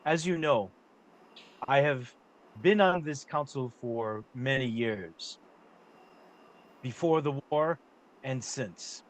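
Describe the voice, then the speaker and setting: A man doing a calm, formal nobleman. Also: mid-range voice, lightly acted. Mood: formal, measured. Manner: slow, measured, humble courtly speech. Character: calm, formal older nobleman petitioning the crown.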